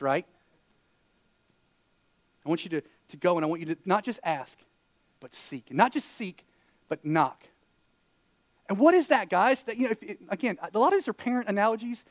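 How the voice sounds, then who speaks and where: A man from eastern North Carolina with a local accent, preaching a sermon in a conversational way, with lively asides and acted-out quotes. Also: high-pitched, brisk, long pauses, no room sound. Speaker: pastor.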